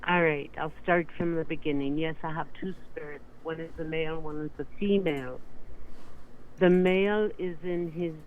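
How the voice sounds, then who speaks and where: A woman caller giving a psychic reading, describing spirits slowly and searching for words. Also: deep voice, fairly even intonation, narrow, tinny audio, slight background noise. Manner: slow, halting, searching for words. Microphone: call audio.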